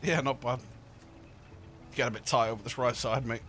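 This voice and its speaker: A man's voice: mid-range voice, normal speed, soft background music. A man bantering and laughing with friends during an online race game. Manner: laughing, excitable, calls everyone mate. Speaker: player. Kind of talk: casual gaming banter.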